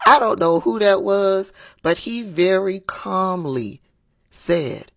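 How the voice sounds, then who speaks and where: A woman giving casual political commentary in a sassy, drawn-out way, laughing at her own remarks. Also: medium pitch, lively intonation, creaky, no room sound, clean studio sound.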